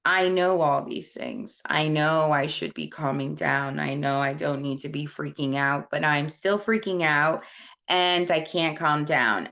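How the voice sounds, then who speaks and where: A woman's voice: sits low, measured pace, a bit bright. A woman from Puerto Rico hosting a casual live stream, answering viewer comments in a rambling, candid way with many fillers. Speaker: host.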